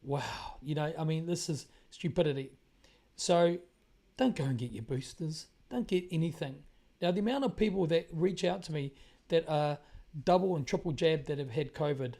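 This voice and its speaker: Kiwi guy ranting on his own show, bit high-pitched, emphatic, keeps repeating himself. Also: dark tone. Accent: New Zealand. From New Zealand. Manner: emphatic, repeats phrases, impassioned. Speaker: independent broadcaster, show host. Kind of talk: monologue commentary on current events.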